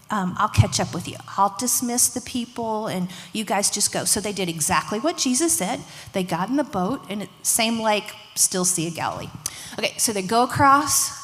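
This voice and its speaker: A woman teaching a children's church lesson, telling a Bible story with lively voices and hushed moments. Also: mid-range voice. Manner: animated storytelling, acting out voices, hushed emphasis. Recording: long hall reverb.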